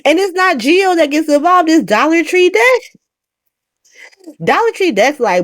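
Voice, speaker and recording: A woman hosting a casual soap opera recap, telling it in animated slang with frequent laughs. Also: very high voice, a little slow, long pauses, dry recording, clean studio sound.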